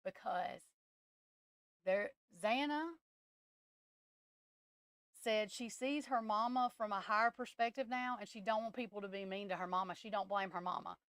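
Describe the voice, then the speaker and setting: Woman streamer, smooth voice, dry sound, rambling, blunt and emotional. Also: mid-range voice, moderate pace, pauses often, a bit bright, dry recording. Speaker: tarot reader hosting a live stream. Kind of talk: casual live-stream chat.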